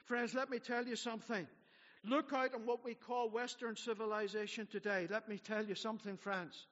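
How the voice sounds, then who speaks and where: A man in his sixties preaching an earnest sermon as pastor, swinging between loud urging and hushed, quiet passages. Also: high-pitched, little pitch movement, moderate pace. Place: church hall. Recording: dull sound in a large hall.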